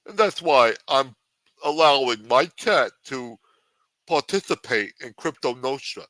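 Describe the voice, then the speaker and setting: A man's voice: mid-range voice, animated, a little slow, sharp tone, no room sound. A man hosting a livestream, talking in a brash, profane mob boss persona. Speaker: livestream show host.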